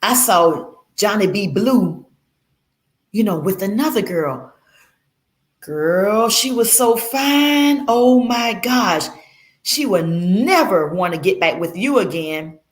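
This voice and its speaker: A woman's voice: medium pitch, lively intonation, slow. Woman doing a taunting gossipy girlfriend. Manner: teasing, gossipy. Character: taunting gossipy female friend, adult.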